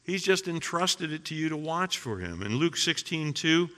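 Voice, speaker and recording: A middle-aged man preaching a sermon as pastor, emphatic, firing rhetorical questions and swinging between loud and hushed passages. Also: fairly high pitch, very animated, moderate pace. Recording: long reverb of a large hall.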